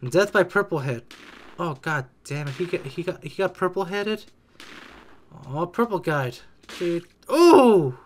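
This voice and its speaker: An excitable gamer joking and exclaiming while reacting to a game's death scenes. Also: medium pitch, a little slow. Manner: excitable, jokey, exclaims often and mimics characters. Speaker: reaction video creator. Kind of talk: casual game reaction commentary.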